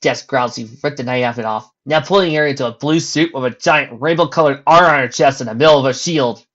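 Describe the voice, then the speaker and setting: A reader narrating a fan story in a plain middle-pitched voice, dropping casual asides between passages. The recording is muffled and lo-fi. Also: fast, few pauses, fairly bright tone. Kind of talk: reading a fan story aloud. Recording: dull lo-fi recording.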